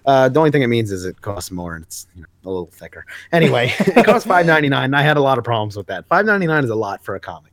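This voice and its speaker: A man's voice: medium pitch, very animated, rapid-fire, dry recording. A young man co-hosting a comics podcast in casual, rambling chat, full of fillers. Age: young adult. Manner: rambling, many fillers, acts out quotes. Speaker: podcast co-host.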